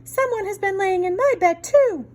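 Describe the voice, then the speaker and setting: A woman's voice: very high-pitched, expressive, normal speed, voice pushed up. A woman voicing a middle-sized Mama Bear in a storybook, in a raised, emphatic voice. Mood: upset.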